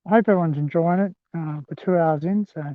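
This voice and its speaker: A man with a fairly high, brisk voice walks a rural rail trail outdoors, chatting loosely to livestream viewers he calls "guys" from a handheld phone. His talk is rambling and chatty, like a live walking vlog. The sound is thin and phone-like, with a dry recording.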